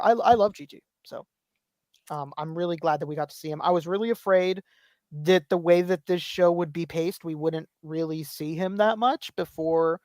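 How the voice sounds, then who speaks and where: A man's voice: fairly high pitch, normal speed, a little mellow, no room sound. Man in his thirties, podcast co-host, casual rambling, lots of swearing, dry close sound. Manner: rambling, swears a lot, acts out quotes. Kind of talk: casual chat.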